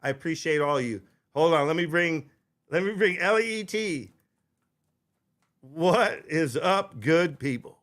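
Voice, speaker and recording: A middle-aged man hosts a live internet show in a loose, rambling way, restarting sentences and tagging lines with "right?". His voice sits a little high for a man and comes through a desk mic. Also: measured pace, long pauses, a bit bright. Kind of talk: casual live-stream chat. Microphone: desk microphone.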